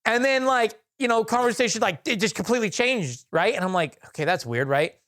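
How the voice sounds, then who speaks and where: A man's voice: high-pitched, expressive, brisk, a bit bright. Young guy podcast cohost, rambly storyteller, um and like everywhere. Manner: rambling, lots of fillers and restarts, laughs at own story. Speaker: podcast co-host. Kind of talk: casual storytelling chat.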